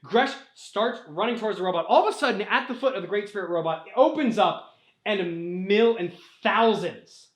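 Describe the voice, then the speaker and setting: A young man tells a rambling comic story in a casual, profane way, with slightly high pitch. His voice carries a noticeable room echo around it. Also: normal speed. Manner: profane, rambling, laughing at own slips. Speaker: host retelling a story.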